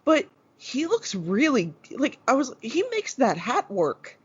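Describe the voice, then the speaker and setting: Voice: mid-range voice, sing-song, slow, breathy edge. A podcast co-host chatting casually and enthusiastically about a TV episode, swearing freely. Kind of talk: casual chat reviewing a TV episode. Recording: dull lo-fi recording.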